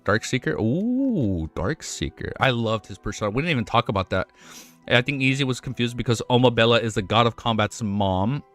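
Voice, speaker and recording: A young man streaming live, chatting casually with his audience, excitable and swearing often, tripping over his words and laughing. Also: mid-range voice, brisk, soft background music. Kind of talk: casual livestream chat.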